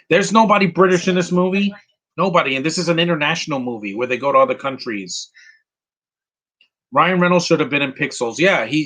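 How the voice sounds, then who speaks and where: A man's voice: mid-range voice, bright, forceful tone, low-quality recording. A man giving casual live commentary while watching a movie, rambling and opinionated, with many fillers and restarts.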